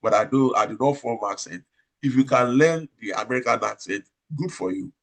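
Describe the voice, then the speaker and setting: With a Nigerian accent, a man who manages operating room nurses gives interview advice loudly and emphatically, restating his points and asking rhetorical questions. He talks a little fast at medium pitch, with vocal fry.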